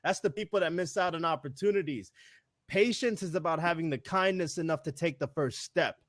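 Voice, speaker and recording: A man talking as a guest in a casual conversation, animated and repeating words with many fillers. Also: fairly high pitch, a little fast, no room sound.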